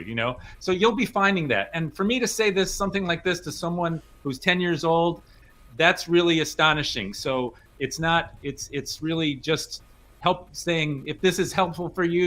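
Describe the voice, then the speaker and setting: A man judging a music competition, giving animated spoken feedback to a young player. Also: on the high side. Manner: animated, sings phrases aloud to illustrate. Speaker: competition judge.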